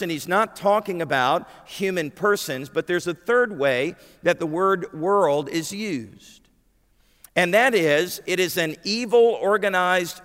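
A man's voice: a little high, a bit bright, in a large hall. A man preaching a sermon, emphatic and putting questions to his congregation. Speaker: pastor. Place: church sanctuary.

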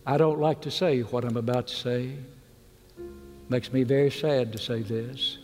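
An earnest middle-aged preacher pleads with his congregation in a large sanctuary, his voice ringing with a long reverb. Faint music sits under him, and he sinks soft and slow on the words that matter most. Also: medium pitch, steady tone. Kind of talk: sermon with altar call. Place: large church with balcony.

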